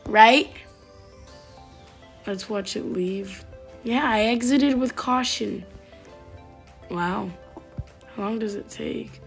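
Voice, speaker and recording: A woman's voice: medium pitch, slow pace, gravelly, long pauses. A woman giving playful, casual commentary on her gameplay and reading the game's text aloud. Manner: chatty, playful, reads game text aloud. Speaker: gaming YouTuber. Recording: faint game music behind.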